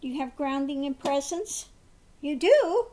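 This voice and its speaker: A woman's voice: sits high, expressive, slow, dark tone. A woman giving a spiritual tarot card reading in a meandering way, often laughing. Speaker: tarot reader.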